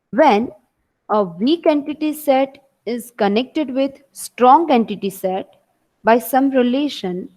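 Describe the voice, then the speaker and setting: A woman's voice: fairly high pitch, darkish tone, rough recording. A woman teacher with an Indian English accent giving an online class lecture, explaining step by step and repeating her points.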